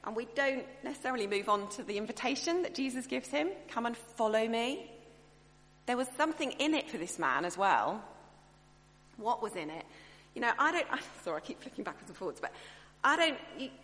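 A woman preaching a sermon in a chatty, expressive way, often breaking off and restarting her thoughts. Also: fairly high pitch, fast. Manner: chatty, expressive, self-interrupting. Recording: echoey hall, faint hum.

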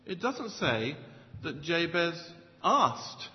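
Preacher with a lively, high voice. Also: male voice, extremely slow. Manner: emphatic, swings between loud stresses and soft low asides. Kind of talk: sermon. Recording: dull lo-fi sound with long hall reverb.

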